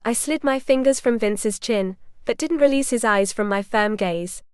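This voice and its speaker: A woman's voice: on the high side, moderate pace, hardly any pauses, darkish tone, clean tone, no room sound, studio quality. A woman reading a first-person audiobook with a wry, quipping storytelling manner. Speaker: audiobook narrator.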